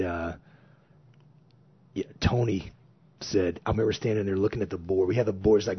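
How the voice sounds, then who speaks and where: Brief: husky, lowish male guest, animated storyteller, dull lo-fi audio. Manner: animated, acts out quoted remarks in his telling. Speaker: podcast guest, former Navy platoon officer. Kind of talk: casual storytelling. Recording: dull lo-fi recording.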